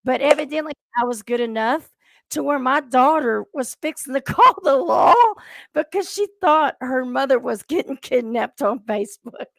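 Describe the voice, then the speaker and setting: A woman's voice: high voice, normal speed, vocal fry, no room sound, clean studio sound. A middle-aged woman with a Southern US accent, hosting a podcast in casual chat, telling stories and laughing often. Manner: chatty storyteller, laughs often. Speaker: podcast host.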